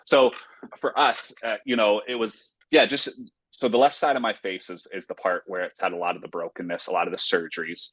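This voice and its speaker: A man's voice: fairly low pitch, level tone, fairly quick, fairly bright tone, breathy edge, dry recording. A man from North Carolina, a pastor and author, telling a personal story earnestly in a casual interview. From Raleigh, North Carolina, US.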